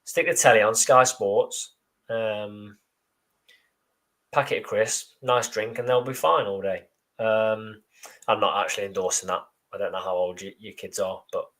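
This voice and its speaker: A man co-hosting a live football fan show, chatting casually with dry, deadpan jokes and reading out viewer comments. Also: lowish voice, moderate pace, pauses often. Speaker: podcast co-host.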